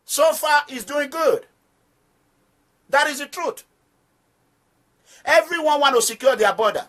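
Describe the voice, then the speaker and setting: A man with a Nigerian accent and a very high, bright, forceful voice speaks animatedly and a little slowly. As leader of an activist movement, he preaches emphatic political commentary straight to his listeners, repeating phrases for stress.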